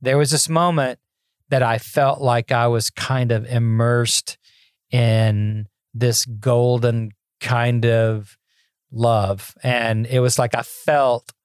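A man's voice: medium pitch, fairly even intonation, slow pace, smooth, dry recording, studio quality. Folksy older man telling his story. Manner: folksy, self-deprecating, repeats words when starting. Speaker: podcast guest. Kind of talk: casual interview storytelling.

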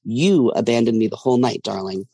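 A man's voice: mid-range voice, brisk, gravelly, mellow, breathy edge, no echo, studio quality. A man voicing a tearful, theatrical young man who pouts and scolds his partner, his voice thick from crying. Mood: pouting. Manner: dramatic and sulky.

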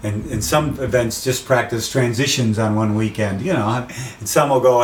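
Man, interview guest, casual conversation, animated storytelling, outdoors by the sea, faint background noise. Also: medium pitch, normal speed, echoey room, recorded from a distance, poor audio. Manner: animated storyteller, acts out quotes.

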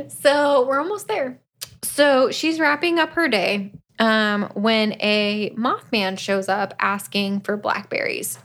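A woman's voice: on the high side, slow pace, a bit bright. Chatty woman recapping a book. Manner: chatty, acts out quotes from the book. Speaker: podcast co-host.

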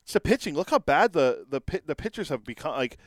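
A man co-hosting a sports talk show in a quick, chatty, agreeable way. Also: a little high, very animated, no echo, studio quality.

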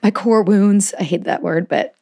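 A woman's voice: medium pitch, normal speed, vocal fry, dark tone. A woman hosting a podcast in casual chat, talking in chatty, digressive runs and laughing often. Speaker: podcast host.

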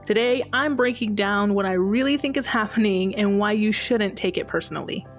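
A woman's voice: mid-range voice, normal speed, loud music behind the voice. A woman hosting her own podcast, talking solo to her listeners in a chatty, playfully sarcastic way. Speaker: podcast host.

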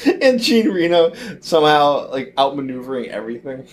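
A man's voice: on the high side, big pitch swings, a little fast. A man co-hosting a podcast in casual chat, easygoing and a bit hesitant. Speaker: podcast co-host.

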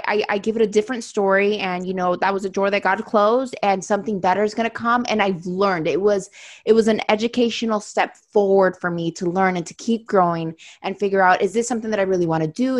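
Candid, effusive woman host. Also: medium pitch. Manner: candid and effusive, swears freely. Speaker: podcast host. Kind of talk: casual interview chat.

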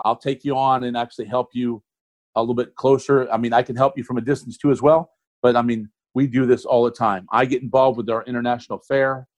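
A man's voice: mid-range voice, darkish tone. Guy in his 40s chatting as a guest, rambly and folksy, plain mid voice. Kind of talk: casual interview talk.

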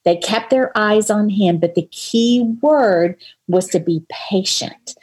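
A woman co-hosting a casual Bible study podcast, earnest and expressive as she reads scripture and reflects on it. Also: medium pitch, slow pace, slightly rough. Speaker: podcast co-host.

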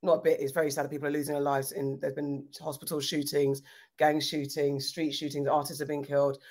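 A woman host with a low voice chats frankly. She vents about her week with exasperated asides. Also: flat delivery, fairly quick, a little mellow. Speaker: podcast host. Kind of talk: casual chat.

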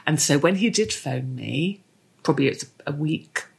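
A woman's voice: low voice, moderate pace, vocal fry, slightly rough. A woman in her sixties, a podcast guest, chatting casually and telling stories, acting out the voices of the people she quotes. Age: 60s. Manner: animated storyteller, acts out quoted voices. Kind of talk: casual chat.

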